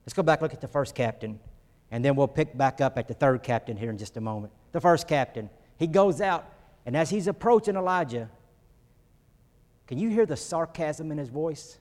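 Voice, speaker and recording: Preaching earnestly, this pastor has a fairly high, slightly mellow voice that's animated at a moderate pace. The hall adds long reverb, and his voice climbs for emphasis and as he acts out quotes.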